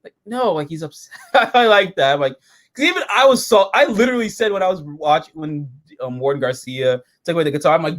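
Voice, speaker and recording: A man co-hosting a casual episode review, profane and excitable, jumping into silly quoted voices. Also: on the high side, fast.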